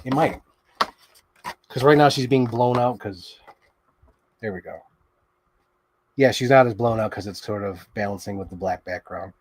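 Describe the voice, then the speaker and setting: A man hosting a toy unboxing show in casual chat, rambling excitedly and swearing freely. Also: on the low side, moderate pace, long pauses, a little hiss or hum.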